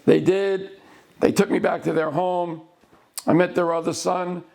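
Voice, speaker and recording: A middle-aged man with a notably high voice tells the story of a past legal case. He talks in short, deliberate phrases and slows right down to lean on key words. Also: little pitch movement, vocal fry, a little mellow. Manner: deliberate, broken into short phrases, with slowed emphasis. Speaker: lawyer.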